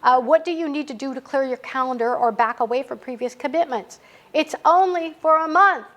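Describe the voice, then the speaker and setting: A woman's voice: high voice, fairly quick, a bit bright. A middle-aged woman giving a casual writing workshop in a library meeting room, chatty and full of anecdotes that she laughs at herself. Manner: chatty, anecdotal, laughs at her own stories.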